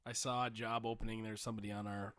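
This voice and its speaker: A man with an Upper Peninsula Michigan accent chatting wryly on a casual podcast. His low voice stays flat in pitch yet sounds bright and forceful. The sound is dry and close. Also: fast. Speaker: podcast co-host. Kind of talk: casual chat.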